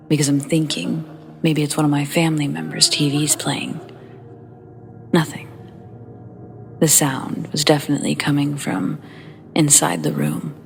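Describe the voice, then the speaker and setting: A woman with a low, gravelly voice narrates true horror stories for a podcast. She keeps her delivery hushed and slips into half-whispers, with faint music under her. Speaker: podcast host reading listener stories. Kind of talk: scripted horror story narration.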